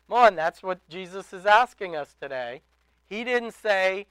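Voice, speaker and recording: A male preacher delivers a sermon in a high, clear, smooth voice. He speaks emphatically, swelling to loud calls and falling back to soft asides. The sound is close and dry. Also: lively intonation, moderate pace, dry recording, low-quality recording. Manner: emphatic, rising to loud exhortations. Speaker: pastor.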